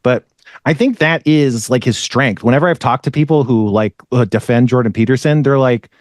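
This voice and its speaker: A man's voice: medium pitch, normal speed, no echo, studio quality. A young man hosting a podcast, talking in a rambling, sarcastic way and swearing freely. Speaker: podcast host. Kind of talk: casual podcast chat.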